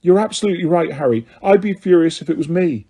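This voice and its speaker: Man doing a teenage girl witch, raised voice, hurried, apologetic. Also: a little high, animated, warm tone, slightly rough, pitched above the performer's own voice. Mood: anxious.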